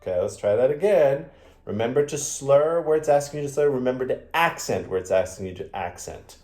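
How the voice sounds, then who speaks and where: A man's voice: medium pitch, expressive, a little fast, a little mellow. A man teaching a violin lesson, patiently counting beats aloud in a sing-song way. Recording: echoey room with violin playing.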